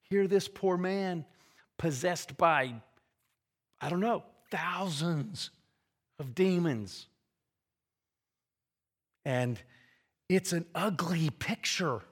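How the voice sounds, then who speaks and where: A male preacher with a voice pitched a little above the usual for a man. He explains scripture earnestly and conversationally, often restarting his phrases and dropping in casual asides. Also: very slow, long pauses, husky. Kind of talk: expository sermon.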